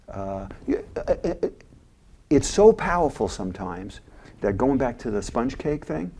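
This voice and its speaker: An older man, a former mental health agency head, telling stories animatedly as an interview guest. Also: mid-range voice. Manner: animated, retells scenes with voices. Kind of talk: interview storytelling.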